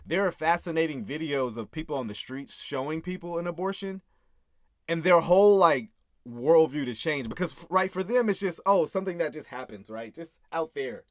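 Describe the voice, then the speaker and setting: In an informal breakdown of his own track, this host talks sincerely, laughs a little, and keeps ending points with "right?". His voice is a little high and expressive at a moderate pace, captured in a dry, clean studio recording.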